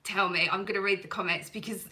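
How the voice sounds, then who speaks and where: A woman's voice: medium pitch, steady tone, fast, bright, forceful tone, rough recording. A woman hosting a cleaning channel, chatting through a live stream with viewers in a rambling, self-deprecating way.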